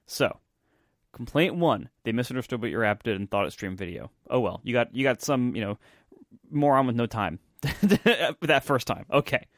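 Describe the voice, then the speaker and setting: A man's voice: mid-range voice, animated, normal speed, dry recording, studio quality. A man co-hosting a podcast, talking matter-of-factly with wry, laughing asides. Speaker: podcast co-host. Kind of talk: casual podcast chat.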